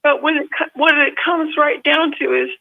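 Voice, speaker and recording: Woman on a gravelly phone line. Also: high voice, steady tone, normal speed. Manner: tearful, heartfelt, rambling. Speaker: call-in guest. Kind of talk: emotional call-in chat. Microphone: telephone.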